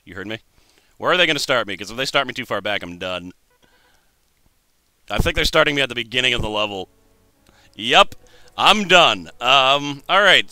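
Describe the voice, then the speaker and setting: A young man talks through a video game with a sharp, very bright tone, making dry jokes and thinking out loud. His voice sounds dry and close, with faint music underneath. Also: mid-range voice, clean tone, no echo. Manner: wry, thinks aloud, jokes at himself. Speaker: let's play host. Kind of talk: gameplay commentary.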